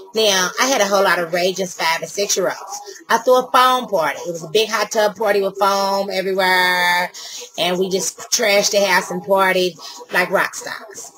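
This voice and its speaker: A woman's voice: mid-range voice, low-quality recording. An older woman telling a story casually and sassily to camera, acting out what others said. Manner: animated, sassy, acts out quotes. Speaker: vlogger.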